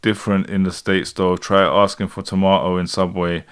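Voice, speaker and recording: A man's voice: low voice, flat delivery, moderate pace, smooth. A man in his thirties with a London accent, chatting casually on a livestream and reading out comments, rambling with fillers and frequent laughs. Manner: rambling, laid-back, laughs often, many fillers and restarts. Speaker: rapper and livestream host.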